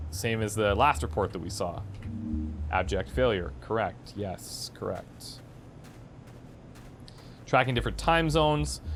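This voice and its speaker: A man casually commenting on gameplay, animated and amused, with frequent chuckling asides. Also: mid-range voice, a little hiss or hum. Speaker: let's play host.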